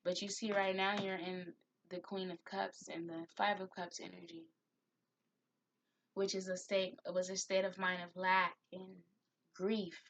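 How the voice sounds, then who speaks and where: A woman reads tarot cards with slow, deliberate phrasing and a slightly low voice. She speaks earnestly and encouragingly, drifting into emotion. A faint hiss sits under the recording. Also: little pitch movement, fairly bright tone. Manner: slow, heartfelt, encouraging, spiritual; gets emotional. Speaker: tarot reader. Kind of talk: spiritual tarot reading.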